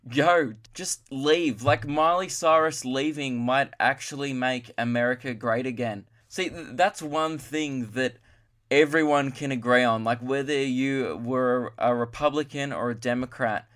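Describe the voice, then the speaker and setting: At a measured pace, this twentysomething podcast host speaks in a mid-range, somewhat bright voice as he goes it alone on his comedy show. He wanders from point to point, pokes fun at himself, and slips into impressions.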